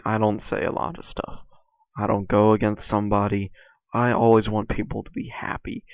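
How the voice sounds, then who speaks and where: A young man talks loosely over his game in a low, gravelly voice, halting often and leaning on fillers and restarts. The recording is dull and lo-fi, with a dry, close sound. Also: no echo. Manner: halting, filler-heavy, many restarts and likes. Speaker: video creator. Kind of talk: casual rambling commentary over gameplay.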